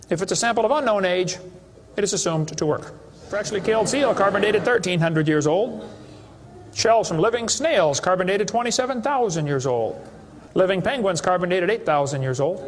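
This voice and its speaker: High-voiced sarcastic man lecturing. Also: big-room sound. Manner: sarcastic, mocking storyteller. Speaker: creationist seminar speaker. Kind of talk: lecture to a live audience.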